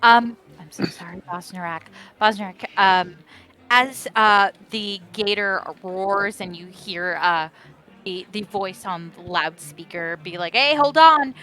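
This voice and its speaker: Halting woman game master, bright voice. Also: mid-range voice, fairly even intonation, faint music behind. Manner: halting, full of ums and uhs. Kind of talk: narrating a tabletop game.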